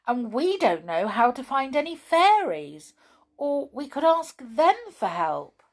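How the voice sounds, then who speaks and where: Worried storybook girl, read by a woman, high and pleading, with a lively, expressive delivery. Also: slow pace, heavily acted. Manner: fretful, pleading. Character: anxious young girl in a children's tale.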